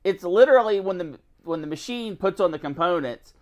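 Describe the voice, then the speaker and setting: A man's voice: high voice, fairly quick. A man telling work stories in a casual chat, acting out what other people said. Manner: animated storytelling, acts out other people's lines. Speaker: co-host.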